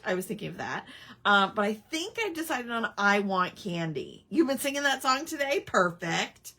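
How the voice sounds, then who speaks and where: A woman's voice: a little high, animated, moderate pace, bright, forceful tone, slightly rough. A woman hosting a casual live crafting stream, rambling with lots of ums and chatting back to viewer comments. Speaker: crafting livestream host.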